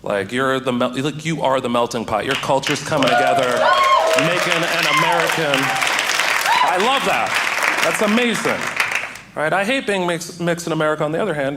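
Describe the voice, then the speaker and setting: A man doing stand-up comedy, telling a story to a live audience with animated delivery and loud outbursts. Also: on the high side, heavy background noise. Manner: animated, acts out voices in his story, loud excited outbursts. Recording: stage recording with audience laughter. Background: audience laughter.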